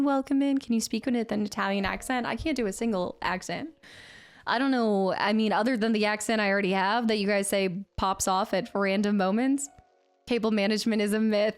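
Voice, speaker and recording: A woman streamer chatting casually with her viewers, reading their messages aloud and laughing often. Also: on the high side. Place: home streaming setup.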